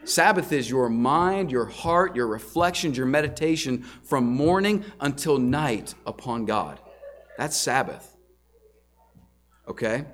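A man's voice: mid-range voice, animated, slow pace, fairly bright tone. Earnest male pastor preaching a sermon. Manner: earnest, repeats words and restarts, rhetorical questions. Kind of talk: sermon teaching.

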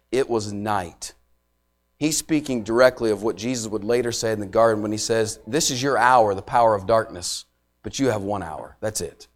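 A man with a slightly higher-pitched voice teaches a sermon in an easy, conversational way, pausing to ask if listeners are following. He drops to a soft, slow hush when he wants a phrase to land. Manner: slows and drops quiet on key phrases. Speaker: pastor.

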